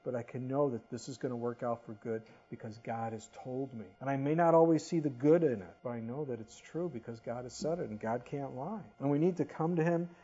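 Husky man preaching a sermon. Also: medium pitch, a little fast, hardly any pauses, warm tone, muffled recording. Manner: conversational, rises and drops in volume for emphasis. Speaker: pastor.

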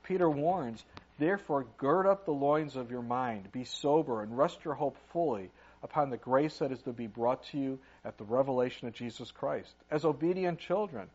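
An older man preaching a sermon as a pastor, reading scripture aloud and swinging between loud emphasis and quiet asides. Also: medium pitch, animated, normal speed, highs cut off. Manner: preaches with sudden rises and drops in loudness, reads scripture aloud.

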